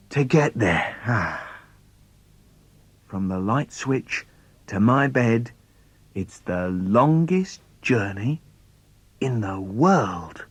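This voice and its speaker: A man's voice: mid-range voice, takes it slowly, dry recording. A man performing his own children's poems as dramatic storytelling, theatrical with gasps for suspense.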